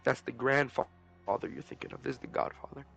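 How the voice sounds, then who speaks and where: A man's voice: mid-range voice, level tone, quick pace, gravelly, a bit bright, faint music behind. A young man streaming a game, chatting with friends and telling profane, joking stories in a drawling way. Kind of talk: casual gaming chat with friends.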